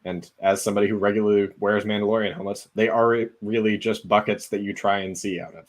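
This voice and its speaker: A man's voice: fairly low pitch, fairly even intonation, fast. A man co-hosting a podcast, earnestly laying out a fan theory at length in casual conversation. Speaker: podcast co-host.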